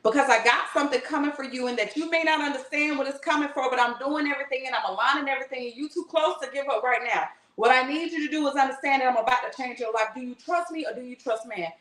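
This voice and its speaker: A woman's voice: high-pitched, quick pace, few pauses. A woman voicing a tender pleading divine voice. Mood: reassuring. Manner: soft, coaxing, calls the listener baby. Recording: roomy echo.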